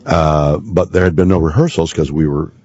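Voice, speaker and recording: A man with a very low, slightly husky voice recounts a story as a guest on talk radio. He takes his time, pausing and filling gaps as he goes. The audio is dry and a little dull. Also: darkish tone. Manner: deliberate storyteller with many pauses and fillers. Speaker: guest actor. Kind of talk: radio talk-show anecdote.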